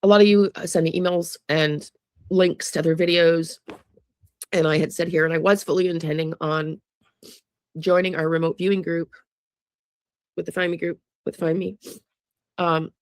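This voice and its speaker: An American true crime vlogger with a gravelly, creaky voice delivers a rambling monologue straight to viewers. The sound is close and dry, with no room in it. The talk keeps restarting and trails off into asides. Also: medium pitch, dry recording. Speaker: true crime psychic channel host.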